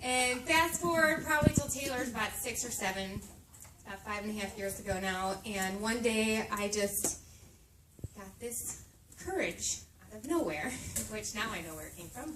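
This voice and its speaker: A woman in her thirties, speaking at a moderate pace in a mid-range voice, shares a heartfelt, emotional faith testimony with a group in a meeting room at a moms' camp. The room is echoey, the mic is distant, and there's background noise.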